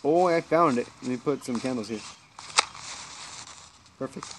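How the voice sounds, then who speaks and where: Guy yelling and reacting through a spooky game, mid pitch, lots of noise behind him. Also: measured pace. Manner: excitable, jumpy, swears at scares. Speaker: gameplay commentator. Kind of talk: casual let's play commentary.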